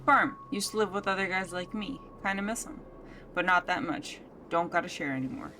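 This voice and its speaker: A woman voicing a stubborn, possessive male goat who talks in gruff, clipped, folksy phrases. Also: fairly low pitch, a little fast, sharp tone, slight background noise.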